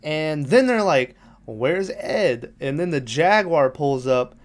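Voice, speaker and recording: A man's voice: on the high side, animated, takes it slowly. Casual profane man recapping a film. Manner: rambling, profane, laughs while retelling scenes. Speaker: podcast host.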